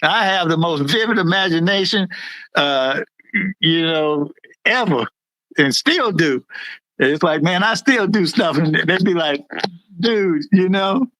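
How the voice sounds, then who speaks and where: High-voiced man rambling in a dry room. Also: expressive, takes it slowly, pushed and bright, no room sound, rough recording. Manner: rambling, full of "you know, man" asides. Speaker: guest, former supervisor. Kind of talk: casual reminiscing interview.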